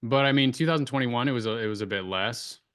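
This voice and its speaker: A man's voice: mid-range voice, fast, fairly bright tone, clean tone, no room sound, studio quality. A man hosting a casual chat, talking through a chart he shares on screen, with many fillers and restarts. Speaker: crypto astrology show host.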